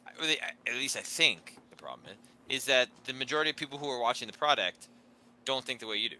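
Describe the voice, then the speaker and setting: Fast, bright-voiced podcast co-host. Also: male voice, medium pitch, expressive, a little hiss or hum, poor audio. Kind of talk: casual podcast chat.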